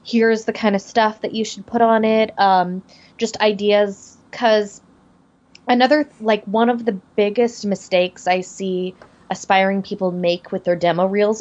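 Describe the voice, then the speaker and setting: A woman's voice: mid-range voice, steady tone, normal speed. Chatty young woman on a lo-fi call. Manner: chatty, many fillers and restarts. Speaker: voice actor guest. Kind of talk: casual podcast chat.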